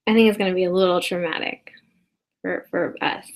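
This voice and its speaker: A woman's voice: fairly low pitch, fairly even intonation, a little fast. A woman rambling through an improvised comedy monologue at her desk. She is mock-earnest and builds into outrage. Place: indoors at a desk.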